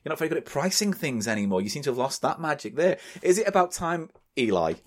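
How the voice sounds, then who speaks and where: A man's voice: a little high, sing-song, quick pace. A man co-hosting a podcast with casual, teasing, sweary banter. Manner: teasing, sweary, laughs often. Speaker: podcast co-host.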